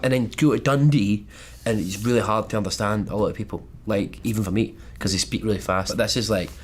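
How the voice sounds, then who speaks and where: A Scottish man reacting to film clips in a casual chat, joking, swearing and rambling. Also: fairly low pitch. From Scotland. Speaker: guest reviewer.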